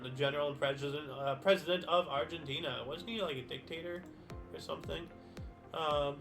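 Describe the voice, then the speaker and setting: Casual history stream host guy, high pitched, chatty rambling asides, faint music underneath. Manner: reads dates brightly, then mutters loose asides.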